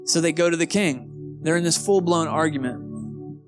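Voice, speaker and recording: A man's voice: on the high side, moderate pace. A man preaching a sermon in a church in a casual, conversational way, peppering his talk with "man" and "okay". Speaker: pastor. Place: church sanctuary. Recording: live church recording with loud guitar behind. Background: soft guitar music.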